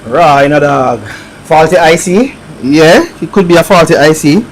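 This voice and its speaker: A man's voice: on the high side, a little slow, slight background noise, rough recording. Chatty Jamaican man streaming a repair. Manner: chatty, reads viewer comments aloud, thinks out loud. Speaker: electronics repair live-streamer. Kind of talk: casual live-stream chat while working.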